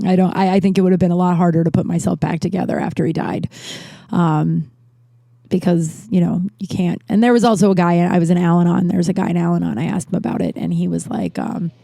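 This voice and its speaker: A woman's voice: on the low side, gravelly, warm tone, no room sound, clean studio sound. A woman hosting a podcast, telling personal stories in a rambling, candid way and swearing freely. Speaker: podcast host. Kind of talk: casual storytelling monologue.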